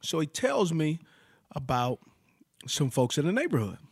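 A man telling a story in casual conversation, animated and full of filler words. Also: a little high, moderate pace, slightly rough, dry recording, clean studio sound. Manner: animated storytelling, acts out quoted voices, many "like" fillers. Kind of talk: casual chat.

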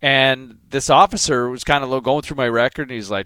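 A man's voice: mid-range voice, brisk, pushed and bright, smooth, no echo. A man with a mid-range voice hosting a morning radio show. He rambles through his story, full of fillers and restarts. He is recorded close and dry in the studio. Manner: rambling, with many fillers and restarts, gets worked up. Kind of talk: casual storytelling chat.

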